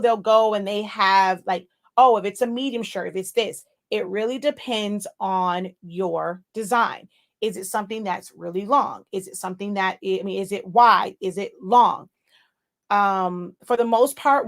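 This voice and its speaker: A woman hosting a casual live Q&A tutorial, talking loosely to viewers with many fillers and asides. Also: medium pitch. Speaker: livestream host teaching crafting software.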